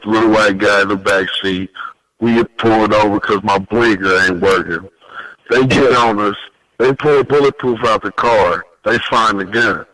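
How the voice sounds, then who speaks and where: A man as a podcast guest telling a story in a lively, profane way, with big pitch swings when he quotes people. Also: no room sound, rough recording. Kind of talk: animated storytelling.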